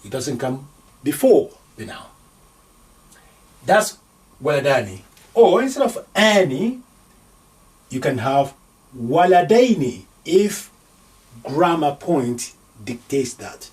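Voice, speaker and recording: A man teaching an Arabic grammar lesson, slowly sounding out words syllable by syllable as he writes them. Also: a little high, sing-song, darkish tone, distant mic. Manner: slow, deliberate, sounding out syllables.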